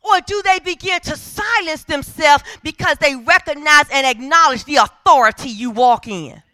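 A woman preacher delivers a fervent church sermon, pressing her points home with repeated calls for the congregation to answer her. Her voice sits very high and rings bright and forceful, and it is recorded dry and close. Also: moderate pace, dry recording, faint music behind. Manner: emphatic call-and-response preaching.

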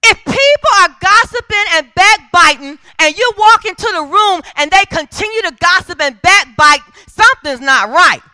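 A woman's voice: very high voice, animated, normal speed, hardly any pauses, sharp tone, no room sound. A woman preaching a sermon in a church, driving her points with repeated calls for agreement from the congregation. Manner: emphatic call-and-response preaching.

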